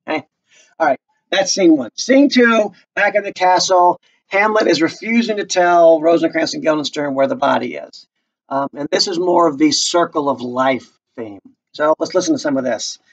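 This man's voice sits a little high and moves at a normal speed, though the audio is dull. Talking through a play with his students, he keeps it casual and rambling, slipping into character voices for brief dramatic line readings.

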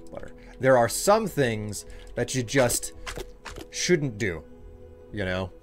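A man's voice: mid-range voice, sing-song, slow pace. Streamer guy, jokey rambling chat, faint music behind. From United States. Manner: joking, rambling, talks to chat. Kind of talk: casual live-stream chat.

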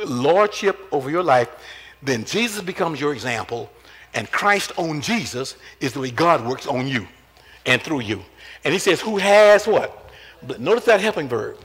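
A bishop in his seventies preaching a sermon, quizzing the congregation with repeated questions and swinging between quiet asides and loud emphatic lines. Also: medium pitch. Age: 70s. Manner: call-and-response questioning, emphatic repetition.

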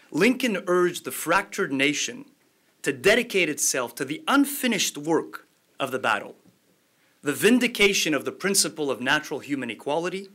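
A man's voice: fairly high pitch, bright, forceful tone. A man with a slight accent hosting a formal lecture event, reading a famous speech aloud with oratorical emphasis. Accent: slight non-native accent, from Montreal area. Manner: oratorical, rising emphasis on key phrases. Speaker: event host, think tank director. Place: lecture hall.

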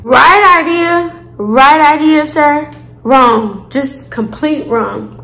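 High, animated woman telling a story. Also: takes it slowly, reverberant, poor audio. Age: 20s. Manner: animated, profane, talks straight to viewers. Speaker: vlogger. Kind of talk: casual storytime.

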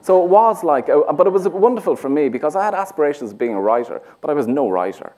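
A man's voice: a little high, sing-song, fast talker, dark tone. A man with a Dublin Irish accent, a playwright talking onstage in a rambling, self-mocking way, full of fillers. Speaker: playwright guest. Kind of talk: onstage conversation. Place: theatre stage before an audience.

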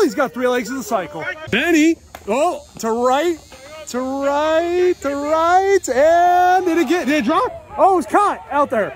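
Guy vlogging his softball game, super high voice bouncing all over, jokey play by play. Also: expressive, unhurried. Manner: jokey, cheers teammates on with nicknames. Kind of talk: excitable play-by-play commentary. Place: outdoor softball field.

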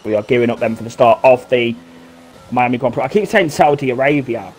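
A British man giving casual live commentary on an online racing league, chatty and teasing, jumping into excited shouts. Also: mid-range voice, a little fast, faint music behind. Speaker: race commentator.

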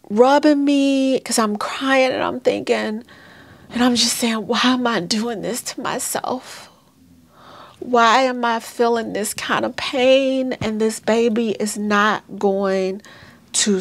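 A woman in her thirties telling a painful personal birth story straight to her viewers, earnest and candid. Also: on the high side. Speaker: vlogger sharing a birth story.

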